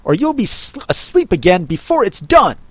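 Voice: mid-range voice, big pitch swings, moderate pace, husky, no echo, pitched above the performer's own voice. A reader voicing the Hatter, a fussy grown man who talks in a mournful, sighing way.

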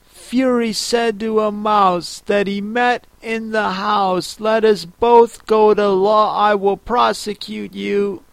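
A man's voice: high-pitched, fairly even intonation, slow, vocal fry, clean tone, no room sound, pitched above the performer's own voice, heavily acted. A man voicing a touchy, mournful little mouse in a storybook reading. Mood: reciting. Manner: sighing, mournful, severe.

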